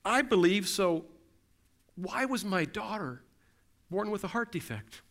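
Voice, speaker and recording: High-voiced man preaching earnestly. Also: expressive, a little slow, fairly bright tone. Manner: earnest, repetitive rhetorical questions. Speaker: pastor. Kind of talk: sermon.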